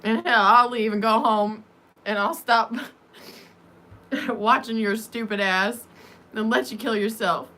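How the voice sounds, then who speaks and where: A woman voicing a gruff male friend who scolds bluntly and coarsely, with an unplaced put-on accent. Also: on the high side, takes it slowly, pauses often, bright, forceful tone. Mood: blunt scolding.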